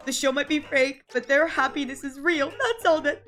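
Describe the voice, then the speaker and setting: A woman's voice: sits high, normal speed, few pauses, a bit bright, soft background music. A woman streaming a video game, teary and sniffly from crying, gushing over and over about how sweet the story is. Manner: gushing, effusive, repeats "so sweet". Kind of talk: live game commentary, reading dialogue aloud.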